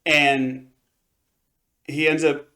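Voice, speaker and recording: On the high side and level in tone, his voice sounds pushed and bright, and he talks extremely slowly. He's a co-host on an anime review podcast, giving a rambling, casual recap of an episode with many fillers and restarts.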